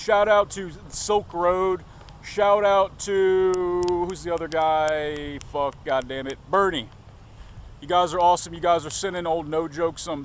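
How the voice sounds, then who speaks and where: A man vlogging on a city street. He talks casually, curses constantly, rambles and keeps digressing. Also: on the high side. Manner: profane, rambling, digresses often. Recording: faint street noise outdoors.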